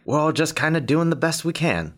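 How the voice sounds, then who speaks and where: A man's voice: a little high, big pitch swings, a little fast, a bit bright. An actor playing a polite, mysterious male stranger in an audio drama, speaking in a put-on English accent with courtesy. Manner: courteous, genteel.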